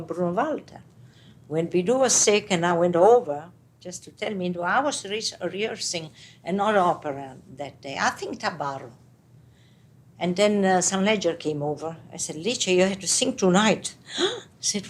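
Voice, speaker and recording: An older woman with an Italian accent, speaking as an interview guest in a casual, animated way, with halting English and many restarts. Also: on the low side. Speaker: interviewee, retired opera singer. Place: home apartment.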